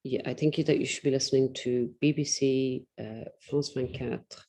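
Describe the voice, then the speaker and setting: A woman tutor giving a spoken lesson on exam speaking skills, talking in an instructive way with frequent ums and deliberate slow pauses. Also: a bass voice, steady tone, dark tone, breathy edge. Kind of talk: online teaching lesson.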